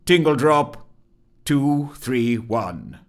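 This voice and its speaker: A man's voice: fairly low pitch, lively intonation, unhurried. A man voicing a stern, pedantic office clerk who speaks curtly and dryly in a storybook reading. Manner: curt and dry.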